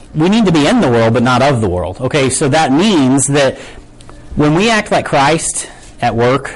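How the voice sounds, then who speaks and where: Guy pastor giving a laid back sermon, kinda high voice, keeps saying right, talks like it's a chat with his church. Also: rough recording. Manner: chatty, asks "right?" often, loses his place and laughs it off. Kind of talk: casual conversational sermon.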